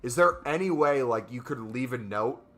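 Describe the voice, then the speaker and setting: Young male streamer, bright forward voice, rambling chatty delivery, faint music under him. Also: mid-range voice, lively intonation, moderate pace. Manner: rambling, filler-heavy storytelling. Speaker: gaming streamer. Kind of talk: casual stream chat.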